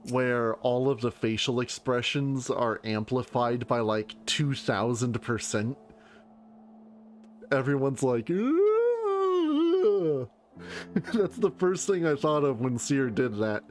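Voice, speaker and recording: A man's voice: medium pitch, a little hiss or hum. A man giving casual, rambling commentary as he plays through a game. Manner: laughs often, rambling asides. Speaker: gaming streamer. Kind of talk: casual let's-play commentary.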